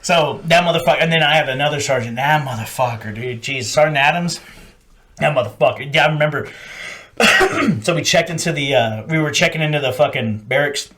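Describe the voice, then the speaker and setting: A man hosting a podcast, telling stories in casual, profane chat and acting out yelling sergeants. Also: on the high side, fairly quick. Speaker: podcast host.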